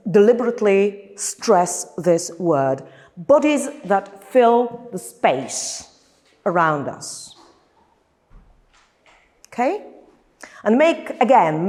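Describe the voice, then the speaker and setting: A woman's voice: fairly low pitch, darkish tone. A Polish-accented woman, a lecturer leading a workshop, speaking hesitantly with many fillers and restarts in a large hall. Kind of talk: workshop instruction. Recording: long hall reverb.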